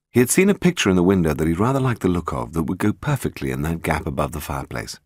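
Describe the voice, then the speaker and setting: A man narrating a detective novel aloud in a measured, expressive manner. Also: low-pitched, breathy edge, no room sound, clean studio sound. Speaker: audiobook narrator. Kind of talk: scripted narration.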